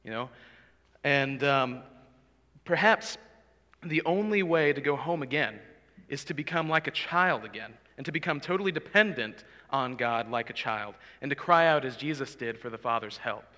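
A man's voice: mid-range voice, expressive, moderate pace, pushed and bright. Young man preaching in a reverberant church. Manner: earnest, conversational, asks the congregation questions. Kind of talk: sermon. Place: church sanctuary. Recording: long hall reverb.

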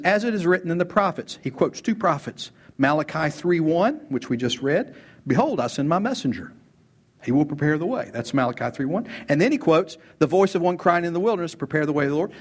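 A man's voice: fairly high pitch, breathy edge. A man preaching a sermon as pastor, emphatic, asking rhetorical questions and repeating key words.

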